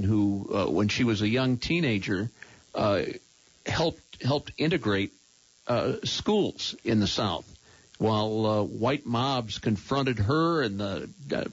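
An older man who hosts a call-in radio show, talking in halting phrases with many restarts. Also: medium pitch, no room sound, highs cut off.

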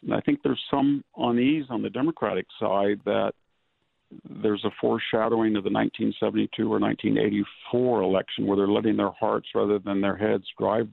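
An older man, a historian and author, giving measured, analytical answers in a political interview from rural California. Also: on the low side, creaky, no room sound. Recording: dry phone-line audio.

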